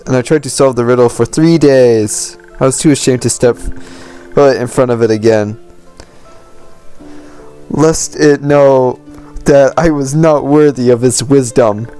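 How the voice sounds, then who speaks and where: A man's voice: medium pitch, mellow, smooth, lightly acted. A man reading the lines of a clumsy, unlucky, anxious young adventurer from a game, telling stories against himself and stumbling over hard words. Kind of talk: reading game dialogue aloud.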